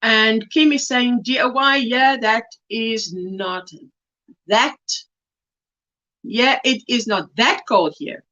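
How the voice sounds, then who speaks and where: A South African woman hosting a casual crochet livestream, chatting warmly and reading viewer comments aloud with delight. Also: on the high side, slow pace, long pauses, muffled recording.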